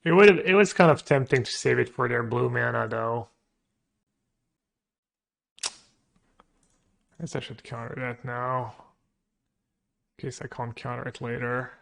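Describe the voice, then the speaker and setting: Male streamer, mid pitch, mutters his plays aloud and cracks jokes with chat. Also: measured pace, gravelly, long pauses. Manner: muttering, trailing off quietly; joking banter with chat. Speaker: streamer playing a card game. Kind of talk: thinking aloud while playing.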